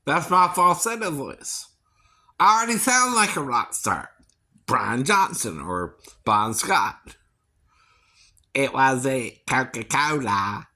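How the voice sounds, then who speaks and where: A man's voice: mid-range voice, very animated, takes it slowly, pushed and bright. A man vlogging in a rambling casual monologue, chuckling often and ending lines with a questioning tag. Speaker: vlogger and singing impersonator.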